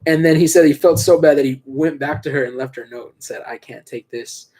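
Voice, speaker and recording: A young man co-hosting a podcast, telling stories in a slangy, animated way. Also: on the high side, noisy background. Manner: fast, slangy, animated storyteller. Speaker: podcast co-host. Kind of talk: casual chat, storytelling.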